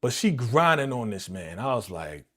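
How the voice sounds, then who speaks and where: A man hosting a live movie reaction stream, talking in a slangy, animated way and exclaiming his disapproval, often repeating himself and speaking straight to his viewers. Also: mid-range voice, moderate pace. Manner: slangy, addresses viewers directly. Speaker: reaction channel host.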